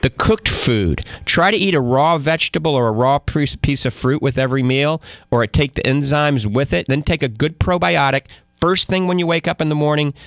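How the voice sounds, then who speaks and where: A man's voice: a little high, moderate pace, no echo. A man with a Cajun New Orleans accent hosting a live call-in radio show, chatty and folksy, often checking in with "all right?". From Louisiana. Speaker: radio talk show host and doctor.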